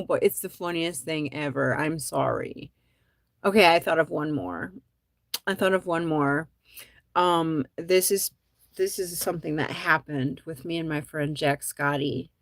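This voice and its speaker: A woman comedian hosts a show, casually chatting to viewers and rambling with many likes and ums, often laughing at her own jokes. Her voice is on the low side. The studio-quality recording has no room sound.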